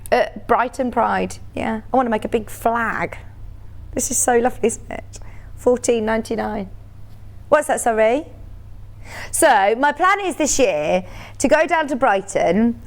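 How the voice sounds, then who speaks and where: A woman's voice: fairly high pitch, lively intonation, measured pace. Bubbly, chatty woman selling fabric on TV. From United Kingdom. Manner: chatty and bubbly, laughs often. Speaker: shopping channel presenter. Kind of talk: live TV sales pitch.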